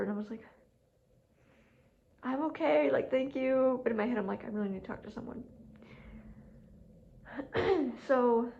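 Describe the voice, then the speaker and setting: A woman's voice: on the high side, a little mellow. Young woman vlogging, talks casual and laughs a lot, kinda dull lo-fi sound. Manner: chatty, laughs often, acts out quoted voices. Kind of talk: casual storytelling to camera. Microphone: camera mic. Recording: muffled lo-fi camera audio.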